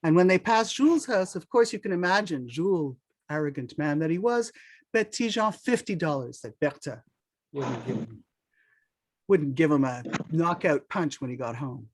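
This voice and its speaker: Animated storyteller, folk tale for adults, very lively pitch, mixes in French words. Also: moderate pace. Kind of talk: oral folk-tale telling.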